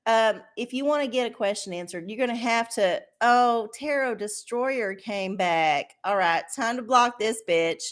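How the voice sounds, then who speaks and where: Woman, livestream host, profane sarcastic rants, slightly high voice. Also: measured pace, hardly any pauses. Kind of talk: casual livestream chat.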